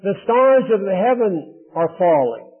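A man's voice: sits high, very animated, measured pace. A man preaching a sermon in an earnest, explanatory way, building emphasis as he goes. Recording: tinny phone-like audio.

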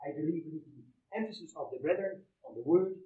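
Male preacher, high voice, emphatic sermon, roomy echo, mic at a distance. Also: a little fast, warm tone, dull audio. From Canada. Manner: emphatic, rising and falling in volume.

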